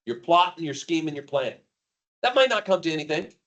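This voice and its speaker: A man teaching a high school math class live, joking and calling on students by name. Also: sing-song, fairly quick, fairly bright tone.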